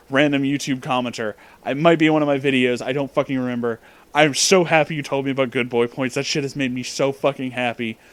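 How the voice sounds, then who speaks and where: A man telling a story in a casual, profane rant, breaking into loud disbelieving outbursts. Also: medium pitch, no echo. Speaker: storytelling vlogger.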